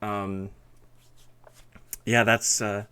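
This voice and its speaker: A man's voice: fairly low pitch, flat delivery, very slow, pushed and bright, clean tone. A man hosting a casual live-stream interview, flustered and laughing easily, often restarting his sentences.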